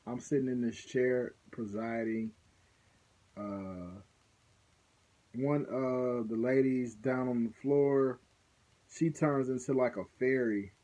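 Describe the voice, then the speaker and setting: A man's voice: medium pitch, mellow. A young man casually recounting a personal experience, loose and conversational, often checking in with the listener. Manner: loose and conversational, peppered with "you know what I'm saying". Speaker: vlogger recounting a ceremony. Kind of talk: casual storytelling.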